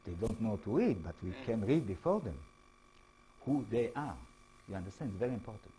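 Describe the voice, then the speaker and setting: A man with an Israeli accent lecturing as an author, speaking halting English and often checking in with tag questions. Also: lowish voice, expressive, warm tone, poor audio. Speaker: author giving a talk. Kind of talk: lecture to an audience.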